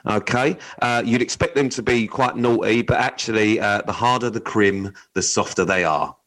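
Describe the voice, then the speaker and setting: A man's voice: on the low side, normal speed, a bit bright, rough recording. A man co-hosting a casual podcast, swearing and joking as he reads out odd news stories. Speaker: podcast co-host.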